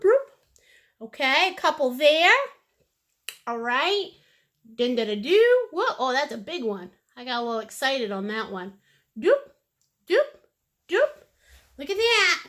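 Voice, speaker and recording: A woman's voice: sits high, sharp tone. A woman teaching a live-streamed painting class, bubbly and playful as she chats with her viewers. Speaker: painting instructor.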